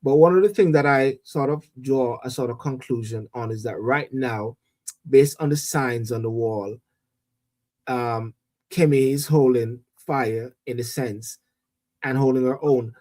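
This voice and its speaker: Man, show host, casual political talk, lively, stumbles over first words, mid-range voice. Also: mid-range voice, a little slow. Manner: animated, repeats words when starting a thought.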